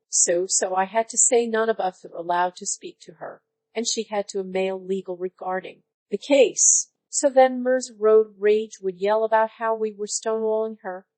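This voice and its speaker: A woman's text-to-speech voice reading online stories aloud in an even, synthetic-sounding delivery. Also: medium pitch, dry recording, poor audio. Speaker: story narrator.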